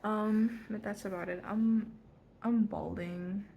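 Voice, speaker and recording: A teenage girl in a casual vlog, telling a long story in a rambling way, full of "like" and quick self-corrections. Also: mid-range voice, fairly even intonation, creaky, muffled recording, slight background noise. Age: teens. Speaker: vlogger. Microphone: front phone camera.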